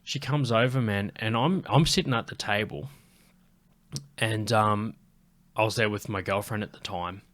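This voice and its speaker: A comedian telling a rambling pub story in casual podcast chat, swearing constantly and filling with "like". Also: male voice, lowish voice, moderate pace, a bit bright. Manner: rambling, heavy swearing, lots of "like".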